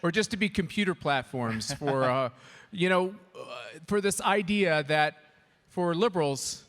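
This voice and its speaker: A man's voice: fairly high pitch, expressive, unhurried, fairly bright tone. A man moderating an on-stage conversation, asking questions with joking, partisan banter. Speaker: interviewer, moderator. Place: conference hall with an audience. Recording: long hall reverb.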